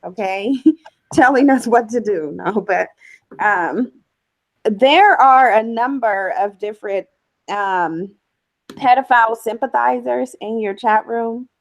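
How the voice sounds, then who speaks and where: A woman joins a talk show as a guest, giving blunt, dismissive opinions in casual chat. Her voice sits somewhat high, and the sound is dry and close with no room around it. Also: takes it slowly, no echo, poor audio.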